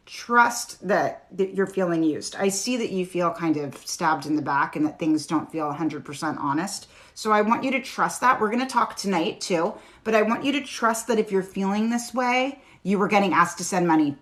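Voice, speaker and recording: A young woman giving a live-stream tarot reading, talking gently and reading viewer comments aloud, with frequent ums. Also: medium pitch. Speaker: tarot reader. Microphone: webcam or phone on a live stream.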